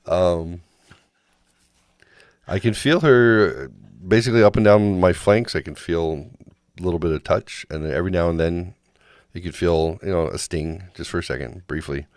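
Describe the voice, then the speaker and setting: A man's voice: sits low, normal speed, darkish tone, no room sound, clean studio sound. A man on a podcast, casually telling a crude, joking story and acting out what others said. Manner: crude jokes, acts out others' lines. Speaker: podcast co-host.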